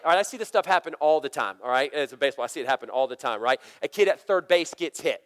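A man in his thirties preaching a conversational, energetic sermon full of family stories. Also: mid-range voice, quick pace, hardly any pauses. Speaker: pastor. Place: church sanctuary. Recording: long hall reverb.

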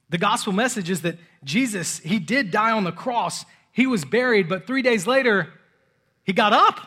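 A man in his thirties preaching a sermon, swinging between loud urgency and soft, hushed moments. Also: sits high, husky. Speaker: pastor.

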